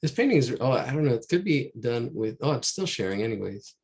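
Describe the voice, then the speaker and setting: A man's voice: medium pitch, very animated, fairly quick, darkish tone. A man teaching a live online drawing class, talking casually and repeating himself as he works through a painting on a shared screen. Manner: casual, rambling, repeats himself while working. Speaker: art teacher. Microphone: computer mic during a screen share.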